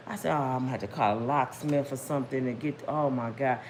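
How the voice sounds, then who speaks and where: A middle-aged woman telling a personal story casually and emphatically to her viewers, talking straight to them, breaking into religious exclamations and climbing high when worked up. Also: quick pace, hardly any pauses, a little mellow, a little hiss or hum. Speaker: storyteller vlogger.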